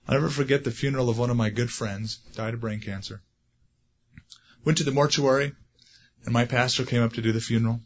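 A man preaching a sermon, animated, growing loud and high when he stresses a point. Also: fast talker, breathy edge, lo-fi sound. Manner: animated, rising loud for emphasis. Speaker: pastor.

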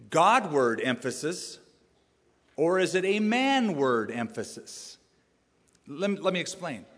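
Preaching pastor in an echoing hall. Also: male voice, a little high. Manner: animated preaching with rising emphasis and sudden drops to quiet. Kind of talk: sermon.

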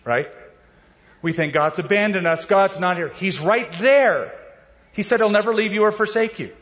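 A man preaching a sermon in a lively, casual way, mixing slang with scripture and acting out the voices in the stories with sudden leaps in pitch. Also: normal speed, lo-fi sound. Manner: animated preaching, acting out quoted voices with big pitch jumps. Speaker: pastor.

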